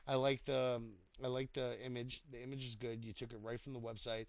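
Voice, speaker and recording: A tired man giving casual spoken feedback on a writing post, halting, with many fillers and restarts. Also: medium pitch, level tone, dry recording. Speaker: writing coach reviewing posts. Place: home desk, online voice chat.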